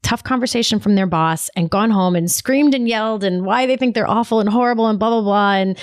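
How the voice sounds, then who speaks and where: A woman co-hosting a podcast, talking in an animated, teasing way with lots of fillers. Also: medium pitch, fairly quick, dry recording, studio quality. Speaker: podcast co-host. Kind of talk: casual chat.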